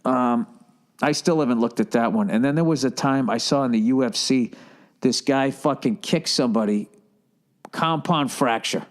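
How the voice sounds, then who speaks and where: A man's voice: mid-range voice, normal speed. A man hosting a solo podcast in a rambling, profane monologue with sarcastic asides. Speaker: podcast host.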